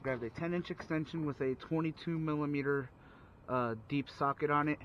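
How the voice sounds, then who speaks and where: A man's voice: on the high side, fairly even intonation, normal speed, fairly bright tone. Man, casual DIY car repair vlogger, rambling and informal, outdoor noise, muffled phone audio. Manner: rambling, informal, with frequent fillers and restarts. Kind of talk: casual how-to narration. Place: outdoors working under a car at night.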